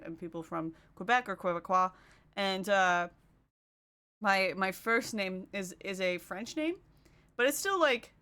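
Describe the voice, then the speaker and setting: A woman's voice: medium pitch, fairly bright tone, smooth. A woman streaming casually while doing her makeup, chatting, laughing often and answering her chat. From Canada. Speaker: livestreamer.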